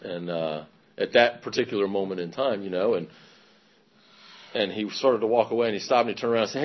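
A man candidly telling his own recovery story in a conversational testimony, pausing often. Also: on the low side, muffled recording. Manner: candid, conversational, many fillers and pauses. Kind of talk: personal testimony talk.

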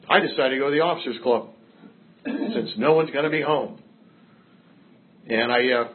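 A man's voice: medium pitch, narrow, tinny audio. Wry older man telling his story. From Massachusetts. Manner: wry storytelling, self-mocking humor. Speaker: recovery speaker. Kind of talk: personal recovery story told to a group.

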